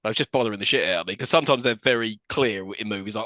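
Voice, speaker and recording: A man's voice: lowish voice, rapid-fire, fairly bright tone, no room sound. A man co-hosting a podcast, recapping a film in casual chat and laughing often. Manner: laughs often while recapping scenes, swearing. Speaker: podcast co-host.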